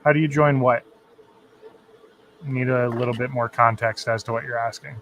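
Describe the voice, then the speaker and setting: A man's voice: mid-range voice, steady tone, normal speed, fairly bright tone, slight background noise. A man hosting a livestream, answering viewer questions in an easygoing, direct way. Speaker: livestream host. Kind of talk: casual livestream chat.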